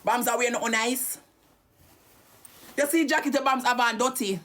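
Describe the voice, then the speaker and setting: A woman's voice: on the high side, moderate pace, a bit bright. A Jamaican woman ranting heatedly and cursing on a live stream.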